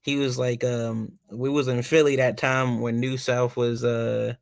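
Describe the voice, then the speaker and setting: A man's voice: mid-range voice, unhurried, creaky, no echo. A man from Philadelphia with a Philly accent tinged with Southern, telling stories with lots of swearing on a casual podcast. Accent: Philadelphia with some Southern. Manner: animated storytelling, swears freely. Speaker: podcast host. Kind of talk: casual chat.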